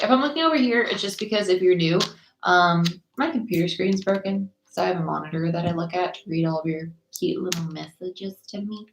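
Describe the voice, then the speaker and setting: A woman's voice: fairly low pitch, fairly quick, roomy sound, slight background noise, rough recording. A young woman chatting casually with viewers during a tarot livestream, bubbly and rambling, her voice a little worn as if she is losing it.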